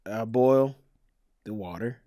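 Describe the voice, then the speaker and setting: A man's voice: on the low side, slow, no room sound, clean studio sound. Playful Southern man on a podcast. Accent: Southern American. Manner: animated, playful, gives a recipe step by step. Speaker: podcast co-host. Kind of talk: casual chat.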